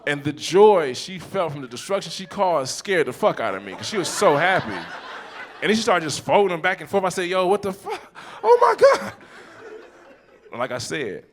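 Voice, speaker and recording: Animated, profane man in his forties. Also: a little high, a little fast, a little hiss or hum. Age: 40s. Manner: animated, profane, acts out scenes in quoted voices. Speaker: stand-up comedian. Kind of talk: live stand-up storytelling. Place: comedy theater stage.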